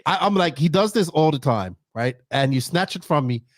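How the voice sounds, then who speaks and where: A man's voice: a little high, lively intonation, normal speed, no echo, studio quality. Chatty, agreeable male host. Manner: chatty, agreeable, self-deprecating. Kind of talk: casual live-stream chat.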